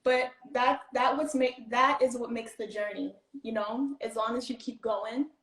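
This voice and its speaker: A woman's voice: fairly high pitch, fairly even intonation, unhurried, a bit bright. Encouraging woman host in an echoey room. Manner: encouraging, affirming listener. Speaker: podcast host. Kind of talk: casual interview talk.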